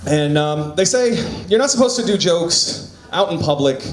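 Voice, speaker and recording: A man's voice: a little high, lively intonation, normal speed. A man doing an open-mic stand-up set in a small bar, loose and casual, laughing at his own jokes, on a handheld mic. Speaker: stand-up comic. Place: small comedy bar stage. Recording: echoey bar room.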